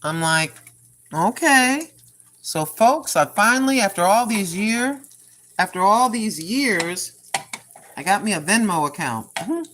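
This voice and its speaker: A woman's voice: mid-range voice, animated, measured pace, fairly bright tone, a little hiss or hum. An older woman chatting through a cooking live stream in her home kitchen, rambling and repeating herself in a folksy way. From Oregon, US.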